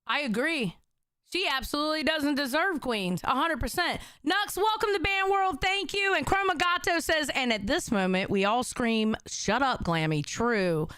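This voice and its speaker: A woman hosting a livestream, talking loudly and profanely as she reads out chat messages. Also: high-pitched, moderate pace, dry recording, studio quality. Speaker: livestream host.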